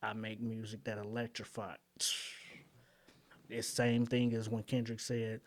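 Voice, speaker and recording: Guy with a lowish voice going off about rap bars, blunt, slangy, lots of ums. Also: unhurried, pauses often. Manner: animated, blunt and argumentative, with slang and frequent "um". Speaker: channel host breaking down rap lyrics. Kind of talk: casual commentary.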